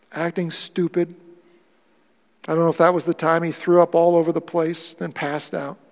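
Impassioned male preacher, high gravelly voice. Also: level tone, moderate pace, big-room sound. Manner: personal testimony building from quiet to impassioned preaching. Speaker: pastor. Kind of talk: sermon.

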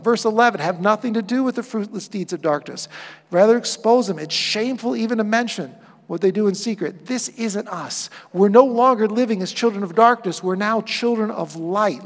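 A man preaching a sermon as pastor, with dynamic delivery that swings from loud emphasis to hushed asides. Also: sits high, a little fast, long reverb tail.

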